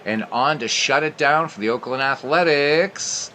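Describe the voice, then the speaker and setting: A man hosting a baseball replay stream, calling the plays and chatting between pitches. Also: unhurried, pushed and bright, slight background noise. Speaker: play-by-play host. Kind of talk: baseball game replay commentary.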